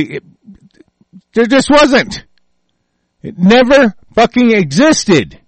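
A man's voice: high voice, no echo. A man delivering a heated, profane political rant, stumbling over his words.

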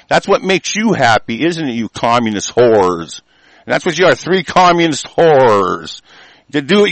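A man hosting his own show tears into an angry, profane rant. His voice sits at an ordinary middle pitch, and he stammers through restarts as he lurches between shouting and growling under his breath. The recording is dry, with no room echo. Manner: swearing constantly, stammering restarts, swinging from yelling to muttering.

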